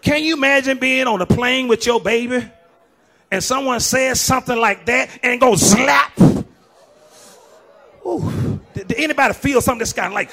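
High-voiced preaching man, shouts and laughs. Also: normal speed. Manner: animated, swings from low and quiet to shouting; laughs and jokes with the congregation. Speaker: pastor. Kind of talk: sermon.

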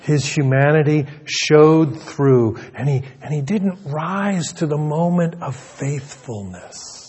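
A male pastor delivers a sermon in an earnest way, and he often repeats words as he restarts. His voice sits somewhat high. He speaks at a slow, measured pace. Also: a little mellow.

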